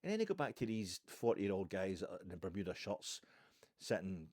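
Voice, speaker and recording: A man from Ayrshire with a Scottish accent, chatting on his own about football in a rambling, animated way, full of asides and restarts. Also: sits low, fairly quick, dry recording, studio quality. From Ayrshire, Scotland. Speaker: football podcast host. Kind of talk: rambling solo football chat.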